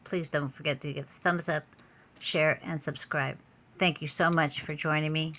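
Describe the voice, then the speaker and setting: A woman's voice: deep voice, fairly even intonation, normal speed, bright, forceful tone, slight background noise. A woman selling jewelry in a casual vlog from a room at home, chatty and muttering to herself with frequent exclamations. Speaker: online jewelry seller. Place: home room with door open.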